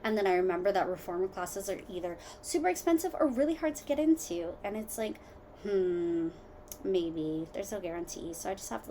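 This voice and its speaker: A woman hosting her own podcast from home, rambling casually through tangents with lots of fillers, jumping between loud exclamations and quiet muttered asides. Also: medium pitch, animated, a little fast, a little hiss or hum. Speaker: podcast host. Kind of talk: casual solo podcast chat.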